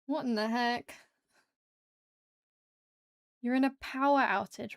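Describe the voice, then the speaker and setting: A woman's voice: a little high, fairly even intonation, takes it slowly, no echo, studio quality. A young British woman with a British English accent, chatting casually with her viewers while she draws, laughing often and exclaiming at the chat. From Britain. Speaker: streamer.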